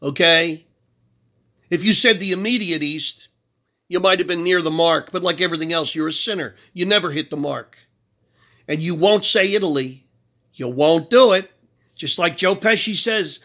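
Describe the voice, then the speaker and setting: A man with a bright, forceful voice pitched a little high tears into his target with sarcasm. He taunts, mocks and preaches about sin and judgement in a combative commentary rant. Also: normal speed, pauses often. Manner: preachy, invokes God and sin. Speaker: political commentator. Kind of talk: ranting commentary.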